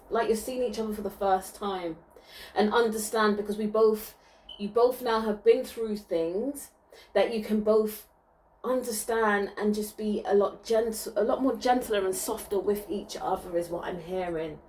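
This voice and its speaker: A woman's voice: medium pitch, a little mellow. Woman doing a spiritual card reading, soothing, keeps saying okay, echoey room, faint hum behind. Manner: soothing, often checks in with "okay?". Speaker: spiritual reader. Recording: roomy, distant mic, faint background hum.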